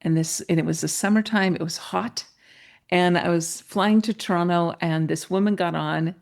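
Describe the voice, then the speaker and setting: A middle-aged woman telling a personal story as a podcast guest, lively, and acting out the voices of other people. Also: lowish voice, moderate pace, vocal fry. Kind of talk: storytelling in an interview.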